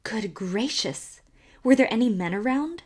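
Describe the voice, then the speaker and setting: A woman's voice: medium pitch, sing-song, moderate pace, natural voice. A woman voicing a prim, gossiping older village woman who disapproves with tolerant, mock-pleasant airs. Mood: disapproving.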